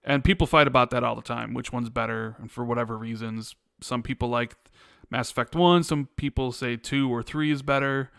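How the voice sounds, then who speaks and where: A young adult man co-hosting a casual podcast, reading viewer comments aloud and telling animated stories. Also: mid-range voice, a little fast, creaky, clean tone, dry recording, clean studio sound. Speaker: podcast co-host. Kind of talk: casual chat.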